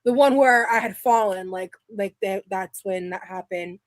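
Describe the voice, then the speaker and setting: A woman's voice: mid-range voice, no echo. Chatty young woman streamer, dry sound. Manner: rambling, halting, with many restarts and fillers. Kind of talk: casual live-stream chat.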